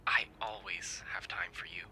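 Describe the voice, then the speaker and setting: An actor playing a friendly young male hotel receptionist in a game, joking and slipping into a hushed, conspiratorial whisper. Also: on the high side, big pitch swings, normal speed, slight background noise, heavily acted, rough recording. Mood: playful.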